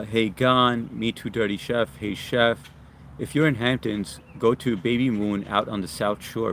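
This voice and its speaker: A man from Long Island, hosting a casual livestream outdoors in the sun, reading viewer comments and greeting them by name in a relaxed, friendly way. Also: on the low side, a little hiss or hum. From Long Island, New York. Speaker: livestream host.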